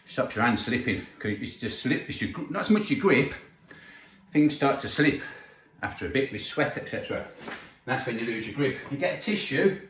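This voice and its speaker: A man talks through his training in a blunt, opinionated way, swearing freely as he makes his points. His voice sits at an ordinary middle pitch. It bounces around a roomy gym and comes from some distance from the microphone. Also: expressive, normal speed, a bit bright, a little hiss or hum. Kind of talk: casual workout vlog talk.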